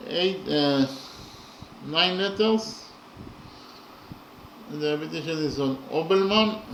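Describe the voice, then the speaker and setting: Slow, deliberate man in an echoey room. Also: a little high, creaky, a bit bright. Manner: deliberate, counts syllables aloud, frequent fillers. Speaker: lecturer on poetry. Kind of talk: slow analytical lesson. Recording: echoey room with audible background noise.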